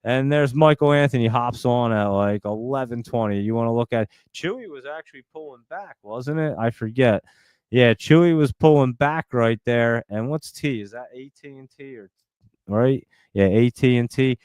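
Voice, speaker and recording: A man's voice: mid-range voice, normal speed, darkish tone, smooth, no room sound. A man hosting a live stock trading stream, chatting in a loose, rambling way with casual swearing and plenty of fillers.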